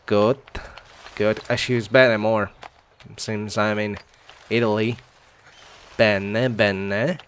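Laid-back man narrating his gameplay. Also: on the low side. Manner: chatty, laughs often, thinks aloud. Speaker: gaming channel host. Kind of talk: casual let's-play commentary.

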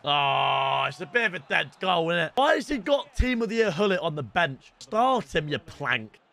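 A young man giving casual, chatty commentary over his gameplay, now and then shouting excitedly at the game. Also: on the high side, moderate pace, creaky, faint music behind. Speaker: streamer.

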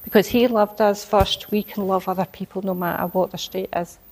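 A woman's voice: mid-range voice, steady tone, fairly quick, darkish tone. A woman preaching a sermon, telling a personal story and building into emphatic exhortation.

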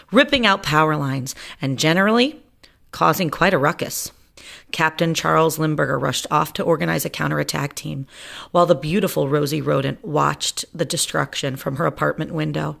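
Storyteller: woman, low pitch, gravelly texture, playful picture-book reading. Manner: playful, lively read-aloud.

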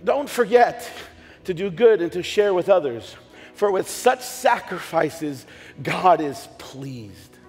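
High-voiced man preaching with jokes. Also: slow. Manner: animated storytelling with jokes and bursts of shouting. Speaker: pastor. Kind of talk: sermon. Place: church sanctuary. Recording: long hall reverb, faint music behind.

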